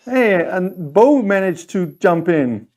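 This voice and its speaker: A male co-host chats casually on a livestream, his voice sitting a little higher than most men's. He talks in halting bursts, circling back and reaching for the right word before he finishes a thought. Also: expressive, a little mellow. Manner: halting, searches for words. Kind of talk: casual chat.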